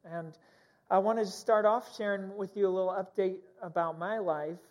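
A man's voice: sits high, fairly even intonation, normal speed, dull audio. Brief: male pastor, conversational sermon delivery, personal storytelling style with plenty of uhs and ums. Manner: candid, personal storytelling with frequent fillers.

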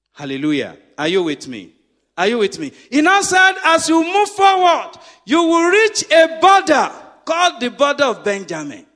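A very high-pitched, middle-aged male pastor preaches a sermon in an echoey hall. He has the congregation repeat after him and builds up to shouting.

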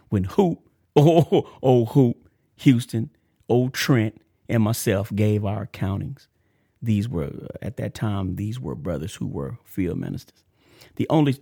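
Animated man preaching, dry sound. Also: fairly low pitch, vocal fry, slightly rough, no room sound. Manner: animated, emotional, shout-outs and laughs; preacher-like cadence. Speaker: podcast host. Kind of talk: casual preaching and reading a letter.

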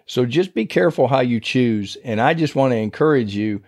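A middle-aged man delivers an informal podcast sermon in a mellow, warm voice. His manner is folksy and conversational, with loose everyday grammar, as though he is talking across a kitchen table. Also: medium pitch, expressive, a little fast. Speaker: podcast preacher.

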